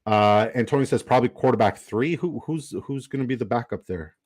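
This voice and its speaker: A man's voice: medium pitch, a little fast, a little mellow, husky. A man giving casual livestream commentary while drafting, reading the chat aloud and swearing casually. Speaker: fantasy football draft streamer.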